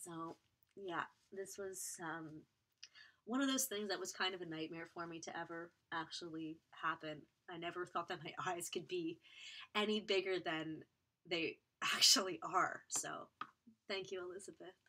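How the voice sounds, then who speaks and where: Young woman streamer, bright clear voice, halting candid personal story full of fillers. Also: on the low side. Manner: candid, halting, many fillers, reads viewer comments aloud. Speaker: beauty vlogger and live streamer.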